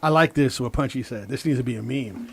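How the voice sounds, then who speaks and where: A man's voice: mid-range voice, fast, vocal fry, soft background music. Laid-back slangy male podcast host. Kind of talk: casual podcast chat.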